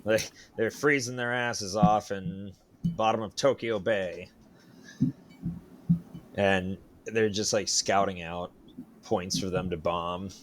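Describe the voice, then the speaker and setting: A man's voice: fairly low pitch, fairly even intonation, slow, pauses often, fairly bright tone. A man co-hosting a podcast, bantering casually with dry, teasing jokes and swearing. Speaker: podcast co-host. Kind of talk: casual chat.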